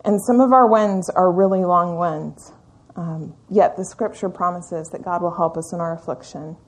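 A woman leads a Bible study in a church meeting room, speaking earnestly, reflectively, and in a measured way, with an occasional "um." Her voice is lowish.

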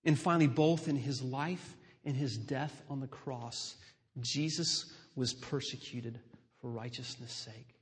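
A man preaching a sermon as pastor, slow and emphatic, building on repeated refrains. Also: mid-range voice, big-room sound.

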